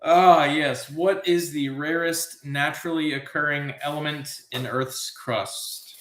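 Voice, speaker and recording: A man's voice: on the high side, steady tone, measured pace, a bit bright, reverberant, slight background noise. A man hosting live trivia, riffing in a goofy, self-amused way and wandering off on tangents. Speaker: trivia host. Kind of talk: rambling live trivia commentary.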